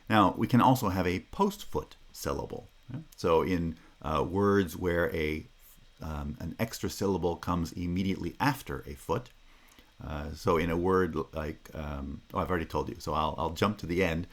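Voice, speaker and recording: This recorded phonology lecture features a male linguistics lecturer with a very deep voice. He explains things with frequent "right?" checks and restarts.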